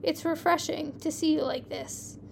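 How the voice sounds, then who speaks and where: A woman reading the lines of a tired, guarded female police detective in a weary, quiet way. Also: sits high, steady tone, normal speed, vocal fry, slight background noise.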